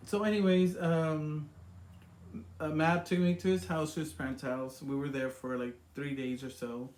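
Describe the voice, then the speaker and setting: A man's voice: on the high side, fairly even intonation, moderate pace, darkish tone. A man telling a personal story in a rambling, emotional way, with many fillers and repeated words. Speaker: vlogger. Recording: echoey room.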